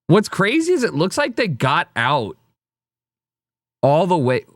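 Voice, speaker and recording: A man's voice: a little high, huge pitch swings, a little slow, dry recording, studio quality. A man streaming casual reaction commentary, rambling and swearing with a wry, offhand manner.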